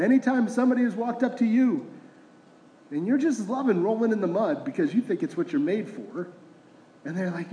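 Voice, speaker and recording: A man's voice: sits high, brisk, mellow. A middle-aged man, a pastor, preaching a conversational sermon full of rhetorical questions. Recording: roomy echoing hall.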